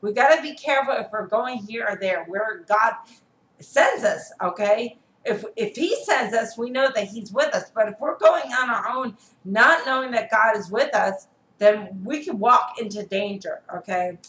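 A woman's voice: a little high, lively intonation, normal speed, a bit bright. Earnest woman preaching in an echoey room. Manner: earnest, exhorting, repeats "okay?" to listeners. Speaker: prophetess preacher. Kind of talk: online video sermon. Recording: echoey room with faint background noise.

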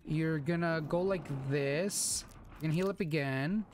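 A man giving excitable gameplay commentary into a desk microphone, swearing and shouting exclamations at enemies. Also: fairly high pitch, measured pace, over music. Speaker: gameplay video host. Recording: loud gunfire from game audio. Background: game sounds, gunshots and clicks.

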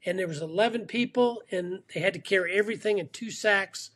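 A man's voice: high voice, a little fast, a bit bright. A man who is a guest on an interview show, joining remotely and telling stories in a chatty way with frequent restarts. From Atlanta, Georgia. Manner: talkative, storytelling with repeated restarts. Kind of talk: casual interview chat. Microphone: remote call.

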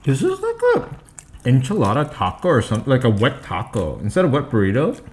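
Man co-host, easygoing eating chat, loose rambling delivery, swooping pitch. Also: wildly swooping pitch, a little fast. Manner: rambling, full of "like" and "you know". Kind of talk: casual mukbang chat while eating.

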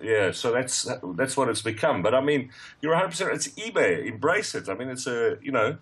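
A man's voice: mid-range voice, lively intonation, fairly quick, a bit bright, breathy edge. A man giving football opinions as a radio pundit, hesitant and full of fillers. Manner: hesitant, many fillers and restarts.

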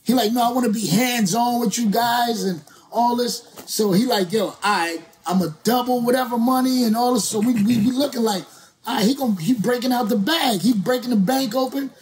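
Animated, slangy male rapper telling stories. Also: extremely high pitch, brisk, breathy edge. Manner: slangy, profane, acts out quoted voices. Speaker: interview guest, rapper. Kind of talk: animated storytelling.

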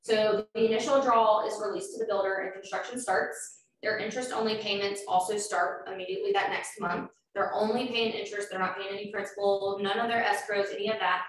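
A woman's voice: mid-range voice, steady tone, brisk. A woman, a loan officer giving an informal presentation, explaining steps with frequent fillers. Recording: echoey room, far from mic, faint noise.

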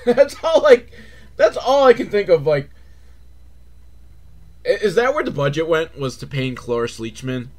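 Comic male reviewer, mocking and profane, slightly high voice with big pitch swings. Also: measured pace, long pauses. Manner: sarcastic, swears, mocking kid-show cheer; swings between flat mutter and shrill excitement. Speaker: movie reviewer. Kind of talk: comedic movie recap.

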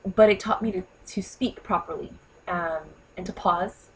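Woman, 30s, from New York, husky tone; animated, chatty vlogger. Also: mid-range voice, moderate pace, low-quality recording. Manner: chatty and animated, full of "you know" and "like". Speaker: vlogger giving speaking advice. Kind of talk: casual talk to camera.

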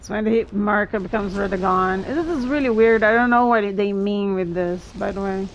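A woman streaming a video game, reacting excitedly to boss fights and chatting to her viewers. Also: medium pitch, normal speed, dull audio, a little hiss or hum. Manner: excitable, exclaims often, thanks viewers. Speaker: gaming streamer. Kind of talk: live gameplay commentary.

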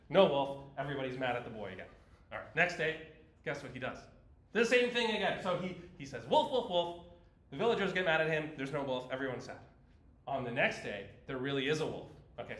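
A man's voice: a little high, fairly bright tone. A man lecturing a university class in a chatty, explanatory way, with fillers and restarts. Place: large lecture hall. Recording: echoey lecture hall.

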